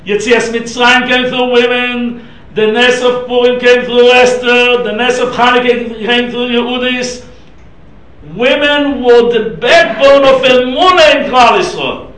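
Middle-aged male rabbi, emphatic class lecture, very high bright voice, recorded from across an echoey room. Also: steady tone, measured pace, far from the mic. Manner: emphatic, storytelling, mixing Hebrew and Yiddish terms.

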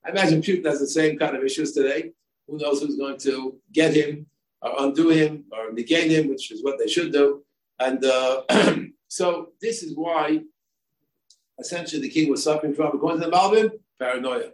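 Older rabbi lecturing in a roomy space. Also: male voice, fairly high pitch, normal speed. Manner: discursive, many fillers and asides. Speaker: rabbi and yeshiva head. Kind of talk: Torah lecture. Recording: echoey room, distant mic, faint ambience.

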